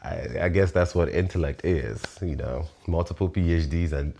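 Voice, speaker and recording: A man in his thirties hosting his own show, talking through a casual philosophical monologue, animated, laughing often and swearing freely. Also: low-pitched, normal speed, creaky, few pauses. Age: 30s. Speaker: show host.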